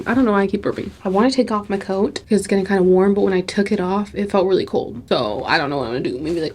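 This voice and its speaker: Young woman, burnt-out student venting to her camera, crackly fry in her voice, cusses a lot. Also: medium pitch, darkish tone. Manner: candid, weary, venting, swears often. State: tired, burnt out. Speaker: nursing student vlogger. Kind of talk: casual vlog talk to camera. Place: indoors in a library.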